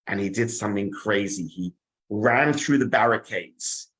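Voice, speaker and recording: A man, a rabbi, telling a story in a dramatic, animated way, acting out the scenes. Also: on the low side, a little slow, low-quality recording. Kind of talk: storytelling sermon.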